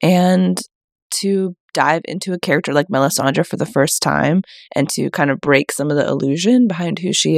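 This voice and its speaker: A woman co-hosting a podcast in casual chat over a remote call, sick and hoarse, laughing easily. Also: low-pitched, no room sound, studio quality. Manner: laughing, easygoing. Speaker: podcast co-host.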